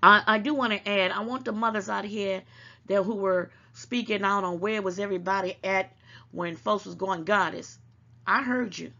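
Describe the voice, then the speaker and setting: Gravelly woman lecturing her viewers. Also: mid-range voice, steady tone, moderate pace, a bit bright. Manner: emphatic and preachy, calls listeners baby. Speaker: channel host. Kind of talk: casual commentary to viewers. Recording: dull lo-fi sound.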